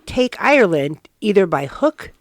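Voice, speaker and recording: A woman's voice: medium pitch, sing-song, moderate pace, no echo. A woman co-hosting a podcast, explaining where old phrases come from in a curious, informative way. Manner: explanatory, curious about word origins. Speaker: podcast co-host. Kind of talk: casual chat, sharing history.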